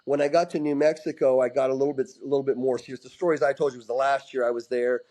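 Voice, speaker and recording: This middle-aged man, once a hockey player, swaps rowdy stories as an interview guest in a casual setting. He's animated, restarts often, and swears freely, firing off words rapidly in a mid-range voice. The audio is poor.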